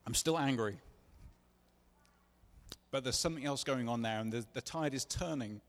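Preacher giving a testimony, earnest, mid-pitched man, echoing hall. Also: moderate pace. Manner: earnest, confessional, acts out dialogue. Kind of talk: sermon testimony storytelling. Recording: long reverb of a large hall.

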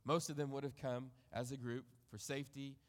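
A man preaching a sermon, reading scripture aloud and reflecting on it in a measured way that trails off softly at the ends of phrases. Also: mid-range voice, little pitch movement, in a large hall. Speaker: pastor.

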